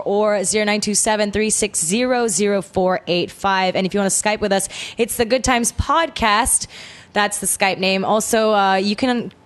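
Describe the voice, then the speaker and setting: A young woman guest-hosting a podcast, bubbly and chatty, laughing often as she talks. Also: mid-range voice. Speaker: guest host. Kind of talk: casual radio-style podcast chat.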